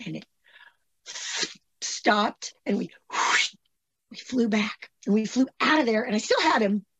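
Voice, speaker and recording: A woman's voice: on the high side, lively intonation, unhurried, fairly bright tone, slightly rough, no room sound. A woman telling a personal story in a rambling, breathless way, with many restarts. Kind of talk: casual storytelling, played as an interview clip. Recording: dull lo-fi audio.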